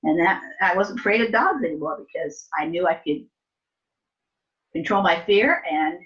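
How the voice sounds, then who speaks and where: An older woman with a lowish voice, speaking at normal speed, shares family stories from her childhood in a relaxed, chatty interview. She animates her tales by acting out her younger self and her mother. The audio is a little dull and muffled, and the mic sounds soft and distant at times.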